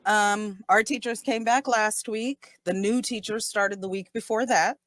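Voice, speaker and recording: A woman in her thirties from Southern California hosting a casual podcast chat, animated, laughing often and swearing casually. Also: medium pitch, unhurried, no echo. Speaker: podcast host.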